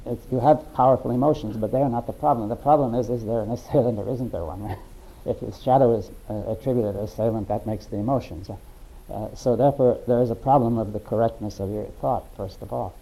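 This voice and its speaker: A man in a philosophical discussion, talking haltingly and often checking in with "right?" and "you see". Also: medium pitch, mellow, a little hiss or hum, low-quality recording. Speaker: discussion participant.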